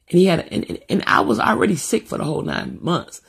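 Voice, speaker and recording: Husky, gravelly middle-aged woman telling stories. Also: on the low side, quick pace, hardly any pauses. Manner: rambling and profane, with animated asides. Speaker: storyteller. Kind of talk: casual storytelling monologue.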